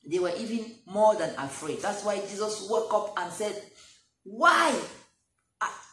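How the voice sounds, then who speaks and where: A woman who is not a native English speaker preaches a sermon while she has a cold, repeating phrases and building to loud, pleading calls. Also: medium pitch, moderate pace. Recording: echoey room, faint background noise.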